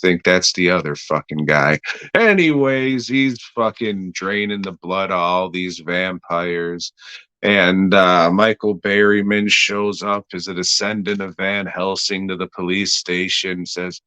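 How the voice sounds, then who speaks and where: A man's voice: low-pitched, unhurried, pushed and bright, clear, resonant tone, dry recording. A man reviewing a horror episode in casual, rambling podcast talk, crude and offhand.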